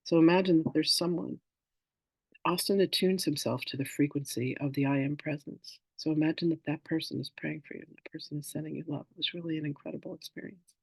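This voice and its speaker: A man's voice: on the high side, quick pace, vocal fry, breathy edge, no room sound, poor audio. A man hosting an online spiritual masterclass, telling stories in a casual teaching style and acting out the voices of the people in them. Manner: animated storyteller acting out quoted voices.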